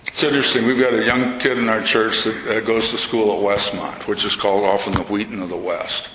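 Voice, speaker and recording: An older man, an Orthodox priest, giving a talk in sermon style and telling stories with lively quoted voices. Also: fairly low pitch, a little fast. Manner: storytelling, animated quoting of others. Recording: echoey hall, slightly dull sound, faint noise.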